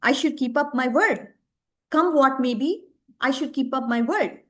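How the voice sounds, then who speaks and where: Brief: earnest old man fretting over a promise, high-voiced, told by a woman storyteller. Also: a little slow. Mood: troubled. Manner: earnest, troubled. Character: anxious, devout old man keeping his word.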